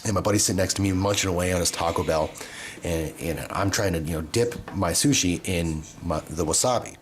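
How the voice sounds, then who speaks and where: A man's voice: deep voice, brisk, a little hiss or hum. A man co-hosting a livestream, telling stories in casual chat and acting out the voices of the people in them. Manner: animated storyteller, acting out voices in his stories. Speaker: co-host of a livestream show.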